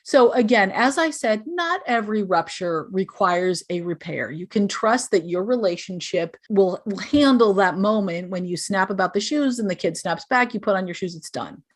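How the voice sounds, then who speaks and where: A woman's voice: medium pitch, animated, moderate pace, hardly any pauses. Earnest woman explaining parenting advice. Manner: earnest, explanatory, acts out sample phrases for parents. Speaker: guest parenting author. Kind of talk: podcast interview.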